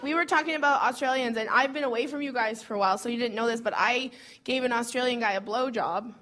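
A woman's voice: fairly high pitch, fast talker, a bit bright. A woman joking on a live comedy podcast in a bubbly, teasing way. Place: live show before an audience. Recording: live show with audience noise.

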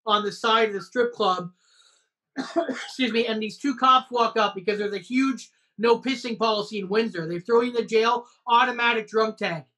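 A male comedian tells animated, swear-filled stories over a video call. His voice is bright and forceful. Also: extremely high pitch, rough recording. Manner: animated, profane anecdotes. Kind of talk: casual storytelling on a video call.

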